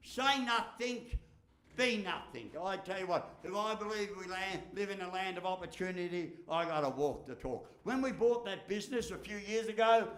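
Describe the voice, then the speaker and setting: A man's voice: sits high, fairly quick, few pauses. A middle-aged Australian man giving a motivational speech, a folksy storyteller who swears casually, jokes and repeats phrases. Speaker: keynote speaker. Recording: echoey hall.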